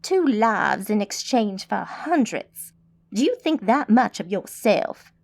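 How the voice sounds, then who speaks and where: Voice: mid-range voice, very animated, takes it slowly, vocal fry, exaggerated voice. A woman narrator voicing a contemptuous mage who speaks in an accusing, disgusted tone, in an audiobook.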